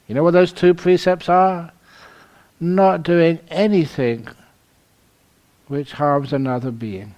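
A man's voice: fairly high pitch, a little mellow. A Buddhist monk from London giving a humorous dharma talk at a meditation retreat, telling stories and laughing at his own jokes. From London, England.

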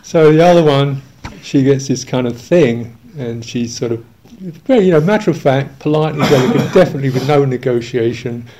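A man's voice: medium pitch, a little fast, hardly any pauses, warm tone, a little hiss or hum. An older English man, a Buddhist monk, telling a humorous, self-mocking story in a dharma talk, chuckling along.

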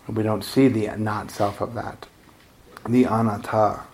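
A man giving a dharma talk as a meditation teacher, in a relaxed, conversational, self-deprecating way with frequent chuckles. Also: on the low side, unhurried, slight background noise.

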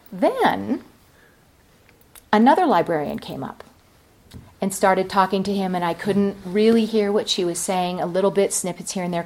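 A woman's voice: on the low side, darkish tone. A woman meditation teacher giving a dharma talk at a retreat center, reflective and telling a story. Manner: reflective, storytelling, many fillers.

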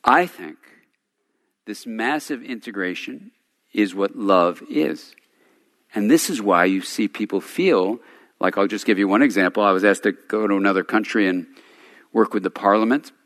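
A man's voice: lowish voice, moderate pace, fairly bright tone. A man teaching at a day retreat, talking informally and telling stories with chuckling asides. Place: meditation center hall. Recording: long hall reverb.

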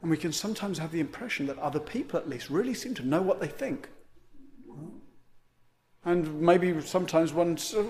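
Meditation teacher guy doing a dharma talk, wanders around thoughtfully, slightly high voice. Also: lively intonation, a little fast, darkish tone. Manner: meandering, reflective, tags "right?". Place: meditation center.

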